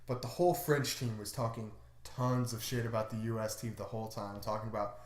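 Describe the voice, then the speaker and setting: A man's voice: lowish voice, fairly even intonation, brisk. A man co-hosting a podcast, chatting casually and loosely, with lots of fillers and hedges. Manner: laid-back, hedging with fillers. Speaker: podcast co-host. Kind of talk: casual chat. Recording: roomy echo.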